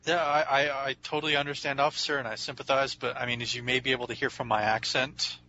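A man's voice: mid-range voice, little pitch movement, fast, bright, forceful tone, lo-fi sound, a little hiss or hum, close to an everyday voice. A man voicing a polite, apologetic young man who has recently moved to the area. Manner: apologetic, courteous. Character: polite young man new to town, male.

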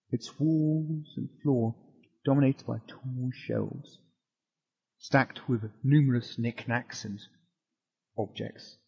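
Man, game master, tabletop narration, husky voice, lo-fi recording. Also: mid-range voice, a little mellow. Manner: descriptive, with casual asides.

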